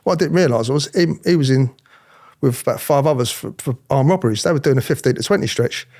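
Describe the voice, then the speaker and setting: A middle-aged man telling his story in an interview, animated, acting out other people's voices, often restarting his sentences. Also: mid-range voice, fast. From England. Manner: animated, acts out quoted voices, frequent restarts. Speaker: interviewee, former police officer.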